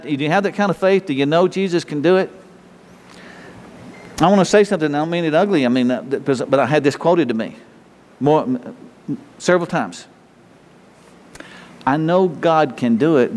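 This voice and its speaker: A man's voice: fairly high pitch, fairly quick, a little mellow. A man preaching a sermon in a folksy, conversational way, often restarting phrases and chuckling. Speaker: pastor. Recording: reverberant hall.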